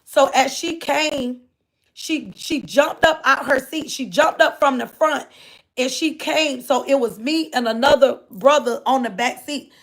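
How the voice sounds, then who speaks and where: A woman's voice: high-pitched, measured pace, fairly bright tone. A grown woman telling a personal story to her viewers in a rambling way, repeating herself and talking right to them. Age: adult. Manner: rambling, repeats phrases, often addresses listeners directly. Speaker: livestreamer reading viewer comments.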